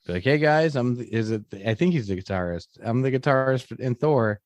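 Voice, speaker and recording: A man's voice: mid-range voice, lively intonation, brisk, darkish tone, dry recording. Podcast co-host, man, mid-range voice, loose and chatty, laughs often, dry sound. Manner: laughing, rambling, acts out quotes from scenes. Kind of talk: casual movie podcast chat.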